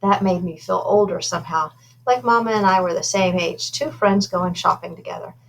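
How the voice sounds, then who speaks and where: A woman reads a first-person children's novel aloud in an informal, unpolished way. She trips over words now and then and adds asides about her own slips. Her voice sits fairly low for a woman. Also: moderate pace, slight background noise, poor audio. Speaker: reader.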